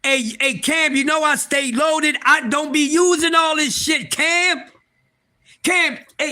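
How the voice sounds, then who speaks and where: A man hosting a casual livestream, excitable and profane, talking straight to his viewers and often repeating and restarting. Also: very high-pitched, slow, faint music behind. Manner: excitable, profane, talks to chat. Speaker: livestream host.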